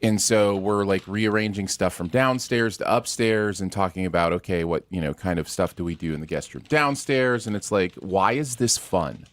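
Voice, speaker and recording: A man's voice: low-pitched, normal speed, hardly any pauses. A man co-hosting a live morning stream from home, talking in an easygoing, agreeable way with plenty of fillers. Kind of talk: casual chat. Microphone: desk mic on an arm with a shock mount.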